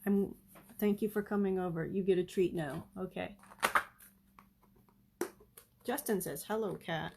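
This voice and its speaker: A woman's voice: mid-range voice, unhurried, pauses often, noisy background. A woman chatting casually on a live stream while she paints at home, rambling and coaxing her cats over.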